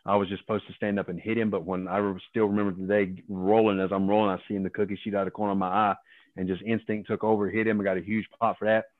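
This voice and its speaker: Gravelly-toned man on a tinny phone line. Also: on the low side, rapid-fire, dry recording. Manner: profane, animated, acts out other people's lines. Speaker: guest, former pro wrestler. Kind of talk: casual storytelling.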